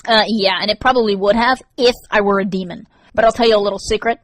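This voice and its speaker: A sardonic teenage boy with a dark secret answers with mocking disdain, as a woman voices him. His tone stays cool and dismissive. The sound is dry and close. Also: medium pitch, steady tone, fast, no room sound, lightly acted. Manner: sarcastic, dismissive.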